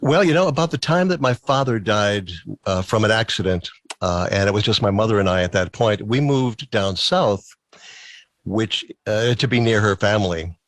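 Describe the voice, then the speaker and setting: A man with a lowish voice tells stories at length as an interview guest. He is chatty and chuckles easily. The sound is dry and close. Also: normal speed, no room sound. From Massachusetts. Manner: talkative, chuckling storyteller. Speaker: guest, musician and former DJ. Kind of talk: casual interview storytelling.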